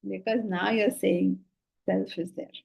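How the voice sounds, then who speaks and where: A woman from India, teaching a spiritual class on scripture in an animated, questioning way. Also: medium pitch, a little slow, gravelly, husky, dull audio. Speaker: Vedanta teacher.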